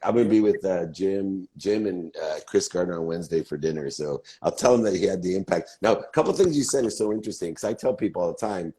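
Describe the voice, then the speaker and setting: Co-host, man in his 50s, very low voice, upbeat casual talker, jokes at his own expense. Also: quick pace, few pauses, dark tone. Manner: enthusiastic, swears casually, jokes about himself. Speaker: podcast co-host. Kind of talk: casual interview chat. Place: hotel hallway.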